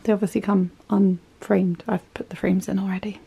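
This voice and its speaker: A young woman from the UK whispering quietly in a child's bedroom so as not to wake a sleeping child, in a whispered role-play style. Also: medium pitch, little pitch movement, moderate pace, gravelly, slight background noise.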